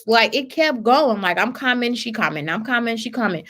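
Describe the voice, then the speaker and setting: A woman's voice: on the high side, animated, fairly quick, few pauses, fairly bright tone. A woman coaching on business marketing in a casual, emphatic way, often repeating words as she gets worked up. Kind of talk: casual business advice talk.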